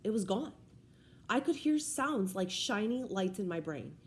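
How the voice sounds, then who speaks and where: A woman reading a first-person children's novel aloud in an expressive style. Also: mid-range voice, measured pace. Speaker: reader. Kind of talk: audiobook read-aloud.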